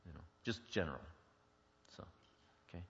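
A man's voice: low-pitched, expressive, normal speed. A man teaching an informal Christian marriage class, plain-spoken and quizzing the group with rhetorical questions. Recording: dull lo-fi sound with long reverb.

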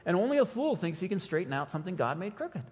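A man preaching a sermon as pastor, animated and sometimes mocking as he acts out quotes. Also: high voice, fast, slightly rough, long reverb tail, lo-fi sound.

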